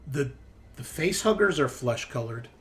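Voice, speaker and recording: A man's voice: mid-range voice, animated, unhurried. A man narrating as game master of a tabletop role-playing game, hesitant with many fillers.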